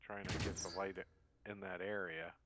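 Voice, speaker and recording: A man narrating and running a tabletop game as dungeon master, animated and quick with asides. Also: deep voice, noisy background.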